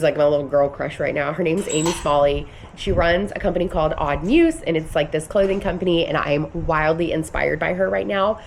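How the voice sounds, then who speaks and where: Woman in her thirties, casual vlog coach, earnest and rambling, slightly low pitch, faint room hiss behind. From United States. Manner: earnest, emphatic, rambling with restarts. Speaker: vlogger and business coach. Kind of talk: casual motivational vlog talk.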